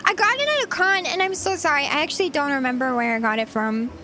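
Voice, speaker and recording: A woman's voice: sits high, expressive, fast talker, bright, forceful tone, a little hiss or hum. A woman VTuber streamer chatting casually with viewers while she eats, giggly and rambling. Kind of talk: casual livestream chat.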